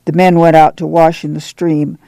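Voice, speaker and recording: A woman reading a novel aloud in steady scripted narration. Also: low-pitched, normal speed, vocal fry, no echo. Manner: steady, even storytelling. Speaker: audiobook narrator.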